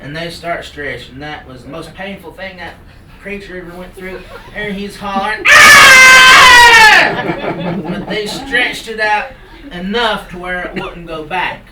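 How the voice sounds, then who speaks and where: Animated male storyteller in an echoey hall. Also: high-pitched, moderate pace, shouting. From Cherokee Nation. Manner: animated, folksy, playful sound effects. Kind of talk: traditional storytelling to a live audience. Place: live salon event. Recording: roomy hall from far off. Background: audience laughter and room noise.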